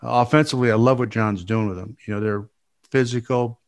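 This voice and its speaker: A former football coach in a casual chat, giving measured, thoughtful analysis. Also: male voice, mid-range voice, fairly even intonation.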